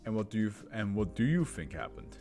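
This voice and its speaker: A man voicing a persistent male police interrogator, asking measured, probing questions. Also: on the low side, sing-song, warm tone, soft background music.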